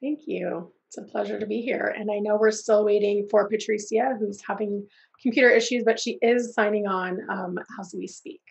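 A woman's voice: mid-range voice, steady tone, moderate pace, creaky. A woman with a scratchy voice from a cold, moderating a webinar conversation on press freedom over a video call. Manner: conversational, with frequent ums and restarts.

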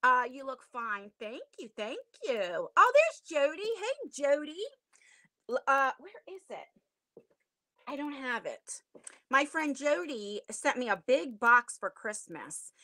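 Bright, high-voiced chatty woman. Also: no room sound, clean studio sound. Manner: chatty and rambling, many fillers, self-conscious laughs. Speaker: channel host. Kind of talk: casual livestream chat with viewers. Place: attic room at home. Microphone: tablet device.

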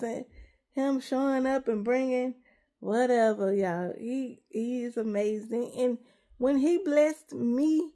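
A woman's voice: on the high side, slow, warm tone. A middle-aged woman, rambling emotionally to her viewers in a casual confessional vlog, on the verge of tears. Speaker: vlogger.

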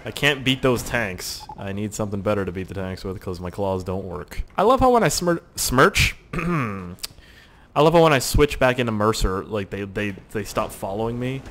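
A man's voice: fairly low pitch, moderate pace. Guy doing let's play commentary, swears a lot, jokes around, voice jumps all over. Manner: excitable, profane, joking running commentary. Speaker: gaming commentator.

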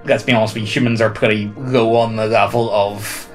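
A man's voice: fairly low pitch, flat delivery, moderate pace, soft background music. A man co-hosting a podcast in casual chat, rambling and apologetic with hesitant restarts. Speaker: podcast co-host.

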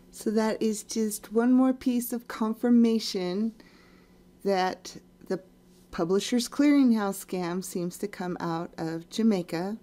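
Slow, mellow-voiced woman narrating. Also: mid-range voice. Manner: unhurried, explanatory, murmurs asides. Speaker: video narrator. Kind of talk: casual screen commentary.

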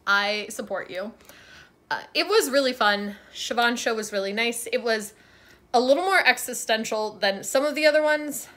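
A woman's voice: a little high, moderate pace, a bit bright. A young woman chatting casually in a vlog at a friend's home, wry and self-deprecating, filming on a handheld phone. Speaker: vlogger. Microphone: handheld phone camera.

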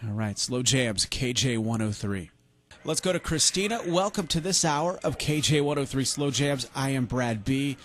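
A man hosting a late-night radio dedication show from the studio, with smooth, steady on-air patter. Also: medium pitch, moderate pace.

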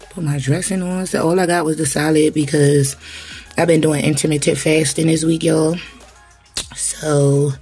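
A woman's voice: on the low side, mellow. A woman, chatting casually to her viewers while vlogging at home, calling them y'all. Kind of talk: casual chat to camera.

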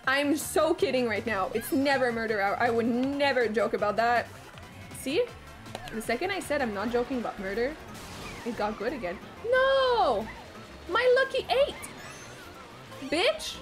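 A fairly high-voiced woman whose first language is French chats casually on a game stream. She cracks jokes, swears freely and yelps in sudden bursts of excitement. Faint music plays in the background. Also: normal speed. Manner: profane, joking, with sudden excited outbursts. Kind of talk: casual gaming stream chat.

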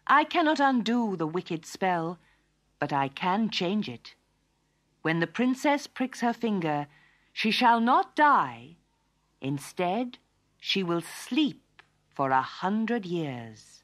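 A woman voicing a gentle, kind fairy. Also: mid-range voice, very animated, takes it slowly. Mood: reassuring.

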